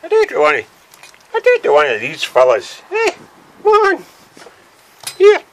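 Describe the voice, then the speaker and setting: Chatty Scottish man, lively sing-song voice. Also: fairly high pitch, a little slow. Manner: rambling, tags nearly every phrase with "eh?", exclaims "by George". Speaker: vlogger. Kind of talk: casual chat to camera. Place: small cluttered wooden hut, indoors.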